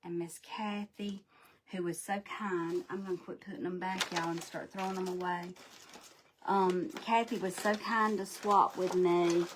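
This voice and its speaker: A woman's voice: fairly low pitch, steady tone, unhurried, background noise. A woman hosting a live craft demo, folksy and a bit scatterbrained as she talks straight to her viewers. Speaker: crafting livestream host.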